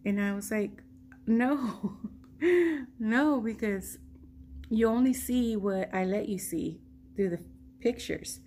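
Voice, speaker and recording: A woman from the United States telling a personal story in a slow, rambling vlog, laughing often, her nose stuffy from allergies. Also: mid-range voice, dark tone, a little hiss or hum. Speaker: vlogger. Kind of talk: casual storytelling.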